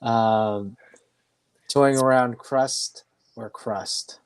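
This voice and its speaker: A man with a mid-pitched voice hosts a casual live stream and reads out friendly shout-outs to viewers. He speaks loosely, trailing off with ums. The sound is dry and close. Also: fairly even intonation, extremely slow, clean tone, no room sound. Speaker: host.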